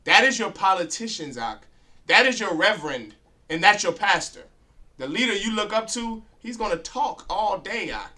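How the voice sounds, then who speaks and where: A man's voice: high voice, very animated, moderate pace, pushed and bright. A man teaching a class in a preaching style, blunt and confrontational, firing rhetorical questions at his students. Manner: blunt, crude street talk.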